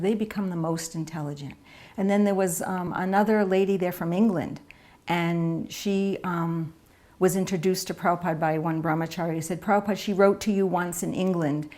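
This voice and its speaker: A woman with a slightly low voice tells an anecdote in an interview. Her storytelling is lively and chatty, full of "um" and "like". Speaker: devotee recalling memories. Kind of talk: reminiscing interview.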